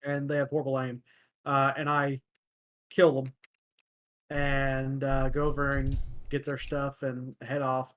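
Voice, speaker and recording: A man hosting a casual podcast, telling stories in a relaxed way with lots of ums. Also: mid-range voice, measured pace, pauses often. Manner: relaxed storyteller, many ums and uhs. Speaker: podcast host. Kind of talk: casual chat, storytelling.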